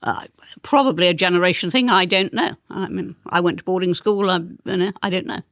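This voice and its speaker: Clean studio audio with no room sound captures a former politician, an older woman, as a guest in a conversational interview. Pitched fairly low and fairly bright in tone, she talks fairly quickly, precisely and emphatically, in received pronunciation with rolled R's.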